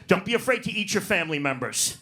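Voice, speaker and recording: A man's voice: sits high, big pitch swings, fast, pushed and bright. A man doing a profane, brash stand-up set in a comedy club, working the crowd. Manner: profane, brash, riffs on audience.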